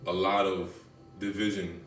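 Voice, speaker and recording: Deep-voiced male host, far off in a roomy space. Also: level tone, a little slow, a bit bright. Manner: brief, agreeable replies. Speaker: podcast host. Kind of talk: interview questions. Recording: distant, roomy mic with faint noise.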